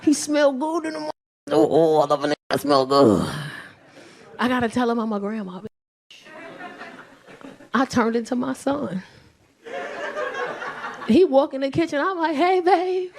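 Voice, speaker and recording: High, lively woman doing stand-up. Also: moderate pace, vocal fry, pauses often, echoey room, far from the mic. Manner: animated, profane, acts out voices in quotes. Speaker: stand-up comedian. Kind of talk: stand-up comedy storytelling. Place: comedy club stage with live audience. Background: audience laughter.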